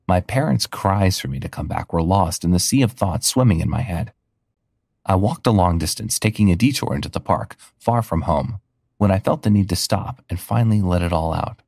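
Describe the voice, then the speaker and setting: A man narrating a first-person story in a steady, earnest reading. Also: deep voice, moderate pace, gravelly, no echo, clean studio sound.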